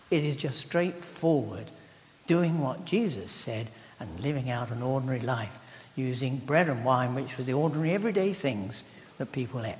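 A man's voice: mid-range voice, animated, moderate pace, a little hiss or hum. Older man preaching in a hall. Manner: rambling, chatty, self-deprecating. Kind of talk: informal sermon with anecdotes. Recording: dull recording in a reverberant hall.

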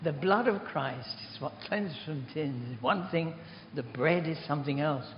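A man's voice: on the high side, unhurried, over a noisy crowd. Older man preaching in a hall. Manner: rambling, chatty, self-deprecating. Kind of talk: informal sermon with anecdotes. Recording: dull recording in a reverberant hall.

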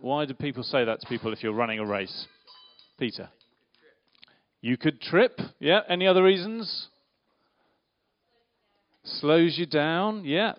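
A man giving an interactive church talk, playfully questioning the audience and directing a volunteer. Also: on the high side. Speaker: preacher giving a children's talk. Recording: dull lo-fi sound.

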